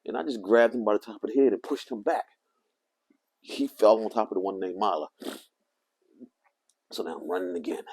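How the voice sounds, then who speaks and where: A man with a low, husky voice tells a rambling personal story for his vlog. His delivery is animated, and his pitch leaps around as he swings from loud to hushed. There is a gravelly edge throughout. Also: fairly quick, long pauses. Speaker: vlogger.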